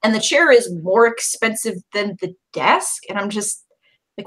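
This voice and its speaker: A young woman co-hosting a casual gaming podcast. She talks loudly and expressively, swears freely and tells stories with energy. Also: mid-range voice, unhurried. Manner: loud, expressive, swears a lot. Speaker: podcast co-host. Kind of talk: casual chat.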